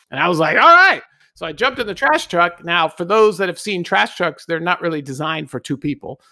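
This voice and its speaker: Bright, high-voiced middle-aged male storyteller. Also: no echo, studio quality. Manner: animated storyteller who acts out quoted voices. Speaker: guest. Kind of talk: casual anecdote.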